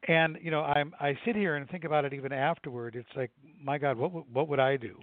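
An older man who directs a nonprofit tells a story earnestly in an interview, restarting often as he answers conversationally. His voice sits on the high side and moves quickly. The recording is dry and tinny, like a phone, with no room sound.

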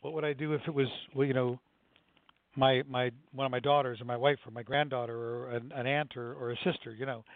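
A man's voice: mid-range voice, fairly even intonation, brisk, no echo. An older man, a nonprofit director, earnestly telling a story in an interview with frequent restarts. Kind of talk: conversational interview answers. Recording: dry, tinny phone-like sound.

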